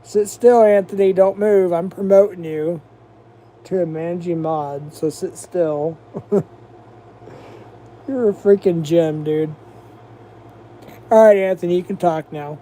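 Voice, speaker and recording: A man's voice: on the high side, takes it slowly, long pauses, mellow. An American man hosting a livestream, rambling and mocking in a profane, casual rant. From United States. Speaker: livestream host.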